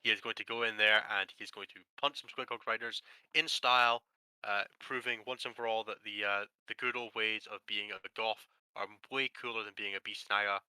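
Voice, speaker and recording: A man's voice: fairly low pitch, fairly even intonation, fairly quick, bright, forceful tone, clear, resonant tone, no room sound, poor audio. A man with a Scottish accent giving casual, joking live commentary on a tabletop wargame. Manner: joking, laughing, teasing banter.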